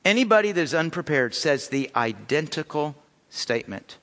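A male pastor preaching a sermon emphatically, repeating his words and swinging between loud appeals and hushed lines. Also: on the high side, big pitch swings, normal speed. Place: church sanctuary. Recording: long reverb of a church hall.

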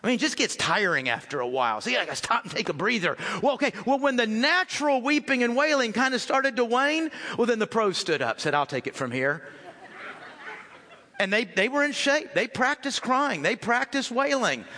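Animated high-voiced American pastor preaching. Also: male voice, a little fast, few pauses, big-room sound. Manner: animated, conversational, addresses congregation as folks. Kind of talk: sermon.

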